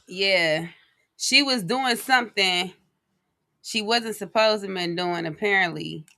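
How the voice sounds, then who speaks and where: A woman co-hosting a talk show, chatting in casual banter, blunt and joking with loud outbursts. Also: medium pitch, measured pace, gravelly. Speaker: show co-host.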